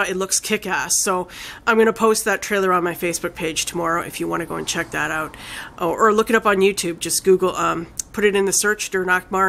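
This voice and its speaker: Woman vlogger at mid pitch, chatty and gushing, retells a film loosely with lots of "like" and a few swears. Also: fairly bright tone. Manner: rambling, enthusiastic retelling full of "like" and "you know"; swears casually. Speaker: film reviewer. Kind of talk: casual spoken film review.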